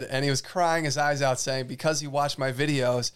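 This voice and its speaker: Laid-back man co-host, smooth voice. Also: medium pitch, fairly even intonation, a little fast. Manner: laid-back, upbeat, says "y'all". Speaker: podcast co-host. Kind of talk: casual chat.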